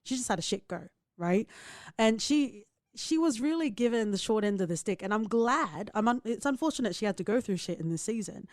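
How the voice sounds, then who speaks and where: A woman co-hosting a podcast in casual chat, joking in a playful, crude and animated way. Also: on the high side, brisk, no echo, studio quality. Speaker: podcast co-host.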